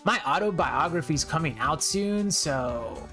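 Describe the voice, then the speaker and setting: A woman's voice: sits low, animated, measured pace, music in the background. A woman voicing a laid-back adult man who keeps saying dude, in an easygoing, slangy drawl.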